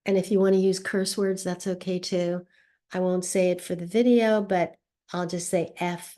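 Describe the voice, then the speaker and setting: A middle-aged woman leads a tapping lesson in an expressive, hands-on way, voicing the feelings she is working through as she teaches. Her pitch sits in a mid range. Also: moderate pace. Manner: expressive, acts out emotions while teaching. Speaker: tapping coach. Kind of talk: instructional demonstration.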